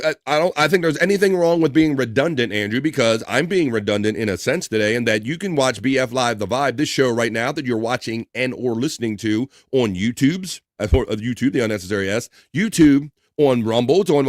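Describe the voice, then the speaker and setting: A man's voice: mid-range voice, no echo, clean studio sound. A man hosting a live stream, loosely chatting, swearing casually and reading out viewer comments.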